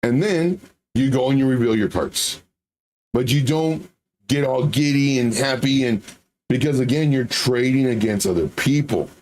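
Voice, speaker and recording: A man's voice: medium pitch, moderate pace. Chatty man explaining trading. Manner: conversational, repetitive, lively acted-out quotes. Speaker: trading channel host. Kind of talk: casual live market talk.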